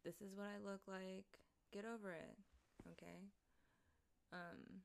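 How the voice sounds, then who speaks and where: A woman's voice: medium pitch, little pitch movement, measured pace, gravelly, clean tone. Young woman streamer rambling to chat, swears a lot, laughs between thoughts. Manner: rambling, profane, laughing asides. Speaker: livestreamer reading chat. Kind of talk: casual livestream chat.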